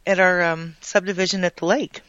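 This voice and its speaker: A woman's voice: on the low side, fairly even intonation, fairly quick, fairly bright tone, dry recording, lo-fi sound. A woman co-hosting a radio show, chiming in with short replies and questions in casual on-air banter. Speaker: radio co-host.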